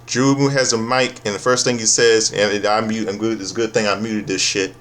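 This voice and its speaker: A man with a lowish voice recaps a wrestling show in a loose, casual way. He is sarcastic and swears freely. He often stumbles over his words and restarts his sentences. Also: flat delivery, a bit bright. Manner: profane, sarcastic, halting with restarts.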